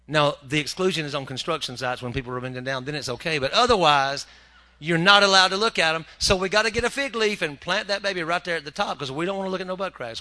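Male preacher, folksy and joking, bright slightly high voice, acts out bits. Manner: folksy, joking, acts out characters in quick asides. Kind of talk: humorous sermon.

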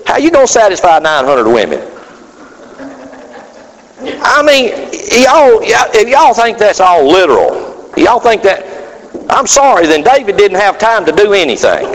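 A man preaching with a fairly high, lively voice that swoops up and down as he gets worked up. His manner is folksy and animated, and he slips into the voices of the people he quotes. A long reverb from the hall trails behind every phrase. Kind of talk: sermon.

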